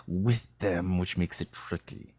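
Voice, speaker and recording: A man's voice: sits low, steady tone, measured pace, a little mellow, husky, no echo. A man thinking aloud and laughing easily as a player in a tabletop game. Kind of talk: tabletop game play chat.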